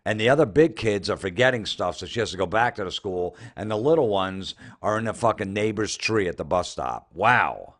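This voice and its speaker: A man's voice: on the low side, lively intonation, a little fast, few pauses, a bit bright. A man doing comedic commentary as he reads social media posts aloud, sarcastic and incredulous, with frequent swearing. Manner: sarcastic, incredulous, profane ranting. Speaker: comedian host.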